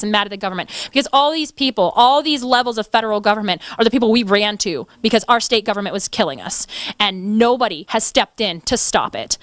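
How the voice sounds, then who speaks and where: Woman, activist guest, impassioned, fairly high voice. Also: a bit bright, no echo. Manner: impassioned, indignant. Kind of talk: interview conversation.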